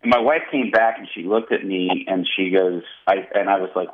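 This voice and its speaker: A male pastor telling a personal testimony in an interview, animated and vivid. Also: deep voice, brisk, few pauses, narrow, tinny audio, slight background noise. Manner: animated storyteller, acting out quotes.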